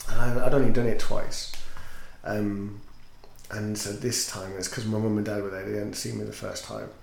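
A man's voice: lowish voice, level tone, normal speed, vocal fry, a little mellow. A man who teaches and sings, a guest in a casual interview, telling his story in an earnest, reflective way. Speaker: podcast guest, teacher and singer. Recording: roomy echo with faint noise.

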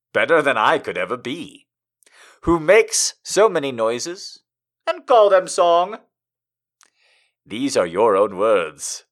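Brief: male poetry host, lively rise and fall, reads slowly then chats with frequent laughs. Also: medium pitch. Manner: laughs often, trails off into asides. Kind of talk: poetry reading and casual chat.

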